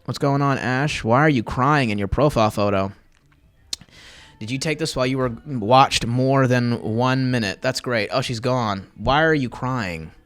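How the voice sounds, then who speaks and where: Speaking a little slowly in a fairly bright, medium-pitched voice, this young man runs his own podcast livestream. His casual talk to viewers wanders, loaded with fillers, side tracks and promotion of his channels.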